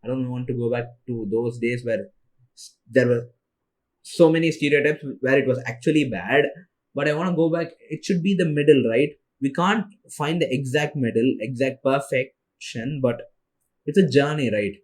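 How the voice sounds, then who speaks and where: A man's voice: mid-range voice, normal speed. Sleepy young man rambling on a podcast. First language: Tamil. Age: young adult. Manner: rambling and tired, with restarts. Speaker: solo podcast host. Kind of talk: casual monologue.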